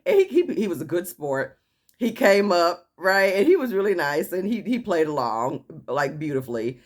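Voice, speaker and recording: A woman vlogger with a lowish voice speaking at normal speed tells a personal story casually. She's animated, laughing as she goes and acting out what others said.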